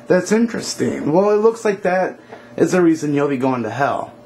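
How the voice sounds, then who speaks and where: A man voicing a calm, theatrical female fortune teller who speaks in slow, measured pronouncements. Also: fairly high pitch, a little hiss or hum, voice pushed up. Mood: mysterious.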